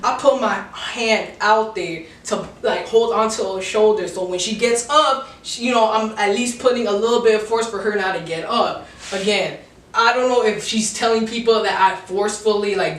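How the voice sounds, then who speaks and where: A woman's voice: mid-range voice, moderate pace, slight background noise. A young woman casually telling a storytime vlog, exasperated and full of slang and "like". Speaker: vlogger. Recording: roomy echo, from a distance.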